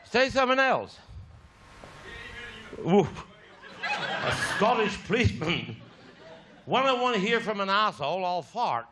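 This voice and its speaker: A stand-up comedian from Cornwall, England, tells bawdy rural yarns on a theatre stage and puts down hecklers. His high voice is very animated and unhurried, with long pauses. The live recording is full of loud audience laughter and noise.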